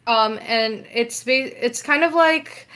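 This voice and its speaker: Excitable teen girl co-hosting a podcast. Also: fairly high pitch, slow. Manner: excitable, laughing, reads news stories aloud. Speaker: podcast co-host. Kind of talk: casual chat.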